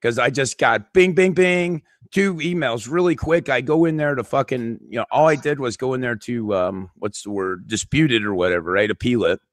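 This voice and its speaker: A man's voice: medium pitch, normal speed, hardly any pauses, no room sound, clean studio sound. A man hosting a live stream, upset and near tears, swearing constantly as he pleads with his viewers. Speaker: YouTube channel host. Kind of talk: emotional live-stream rant.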